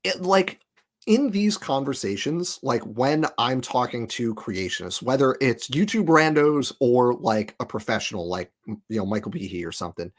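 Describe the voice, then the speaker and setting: A man speaks as a guest in a relaxed conversation, his pitch sitting in an ordinary middle range. He talks emphatically and with open exasperation, often tossing in quick asides. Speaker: guest scientist. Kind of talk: casual conversation.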